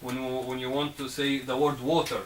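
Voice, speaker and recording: Heard from afar over a faint hum of room noise, this Arabic teacher has a level, mid-range voice. He moves slowly and patiently through a classroom lesson on Arabic letters, asking "okay?" and "right?" to make sure students follow.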